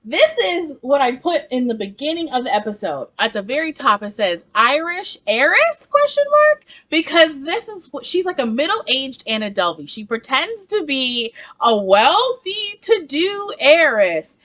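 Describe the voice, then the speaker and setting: A woman's voice: high-pitched, sing-song, normal speed, hardly any pauses, a bit bright. A woman hosting a casual reaction video, chatty and sassy. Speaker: book reviewer and reaction host.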